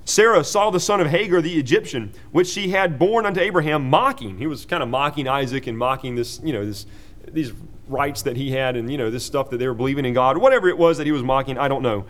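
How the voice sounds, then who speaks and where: A man's voice: mid-range voice, fast talker. A man preaching an evening sermon, explaining word meanings earnestly with frequent fillers.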